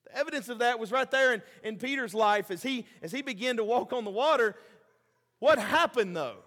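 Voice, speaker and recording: A man preaching a sermon, passionate, swinging between loud emphasis and quiet, low asides. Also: animated, brisk. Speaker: pastor. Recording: hall reverb.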